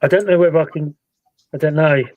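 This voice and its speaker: A British man hosting a casual live-stream chat about a paranormal investigation, talking in a relaxed, rambling way. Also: fairly high pitch, fast, no room sound, rough recording. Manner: relaxed, chatty, recounts events at length. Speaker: paranormal investigator and show host.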